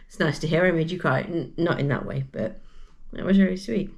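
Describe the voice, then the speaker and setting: A woman with a slightly croaky voice, chatting casually and rambling with many fillers in a crochet vlog. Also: on the low side, normal speed, mellow. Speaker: crochet vlogger.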